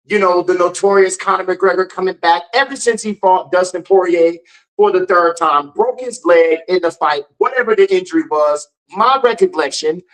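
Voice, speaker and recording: A man's voice: high-pitched, moderate pace, a bit bright, poor audio. A man hosting his own show, ranting in an emphatic commentary style and repeating lines for effect. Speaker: host.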